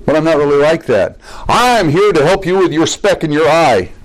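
A man's voice: a little high, expressive, normal speed, pitched above the performer's own voice, lightly acted, low-quality recording. A man doing a smug hypocrite.

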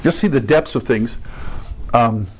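A man's voice: medium pitch, a little slow, slight background noise, rough recording. Guy preaching thru a bible passage, leans hard on key words, keeps asking the congregation questions. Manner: teaching, stresses key words, asks the listeners questions. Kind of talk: expository sermon.

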